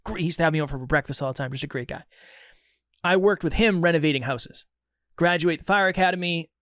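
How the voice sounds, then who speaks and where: A man's voice: on the high side, quick pace, no room sound, studio quality. A young adult man from Massachusetts, co-hosting a podcast in casual chat and acting out dialogue as he tells a story. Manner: animated storyteller, acts out quoted dialogue. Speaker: podcast co-host.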